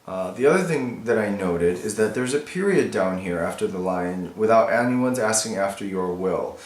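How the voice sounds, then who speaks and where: A man's voice: on the low side, expressive, normal speed, roomy sound. A male teacher annotating a text for his students, thinking aloud in a casual, explanatory way.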